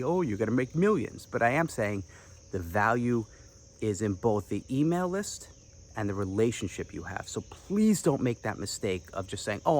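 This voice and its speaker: Upbeat male coach, mid-pitch voice, talks straight to camera with a salesy, playful energy, faint background hiss. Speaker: online business coach. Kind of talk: direct-to-camera advice talk.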